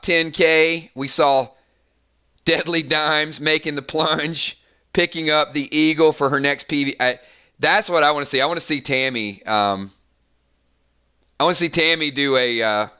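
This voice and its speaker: Chatty male game master with a bright, crisp voice, easygoing stream talk. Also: on the high side. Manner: chatty, tallies numbers aloud. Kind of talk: casual live-stream chat running a role-playing game.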